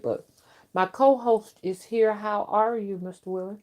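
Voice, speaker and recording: A woman's voice: mid-range voice, fairly even intonation, measured pace, darkish tone. Gum-chewing woman hosting a late-night chat. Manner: chatty, emphatic, talks while chewing gum. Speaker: host of a spiritual channel.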